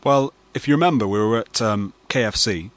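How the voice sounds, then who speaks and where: A man's voice: fairly low pitch, brisk, dry recording. A man hosting late-night radio banter, spinning a mock-serious story full of fillers. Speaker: radio host.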